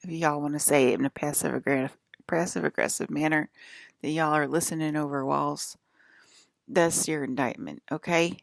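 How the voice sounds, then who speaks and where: Her voice is deep with vocal fry, steady in tone and at normal speed. This East Coast vlogger in her thirties, with an accent to match, rambles to her viewers, laughing often and sometimes lowering to a whisper. The recording is dry.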